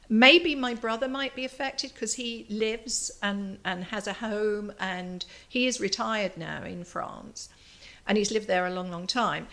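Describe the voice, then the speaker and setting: Gravelly bright-toned English woman. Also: on the high side. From England. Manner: chatty storyteller, self-deprecating, laughing asides. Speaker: guest artist. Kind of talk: casual interview chat.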